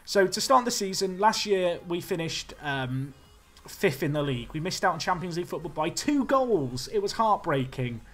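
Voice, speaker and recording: A man's voice: high-pitched, sing-song, normal speed, few pauses, fairly bright tone. A young man chatting animatedly as he streams a football management game and talks to his chat. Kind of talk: casual game commentary.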